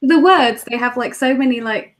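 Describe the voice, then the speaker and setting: A woman's voice: high-pitched, normal speed, a crowd in the background. Giggly British woman. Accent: British English. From England. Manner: giggly, playful, self-mocking. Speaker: podcast guest. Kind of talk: casual chat.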